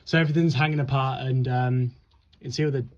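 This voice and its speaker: Walking a windy hillside, a young man explores old ruins while giving casual commentary, a bit out of breath, chatty, rambling and full of ums and whatnots. He talks quickly in a steady, medium-pitched voice, and the outdoor camera sound is noisy and lo-fi.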